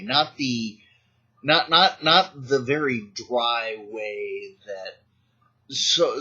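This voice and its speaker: A man telling playful stories in a casual vlog about his teaching days, animated and a little halting, with frequent restarts. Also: mid-range voice, breathy edge, highs cut off. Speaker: vlogger, former teacher in Japan.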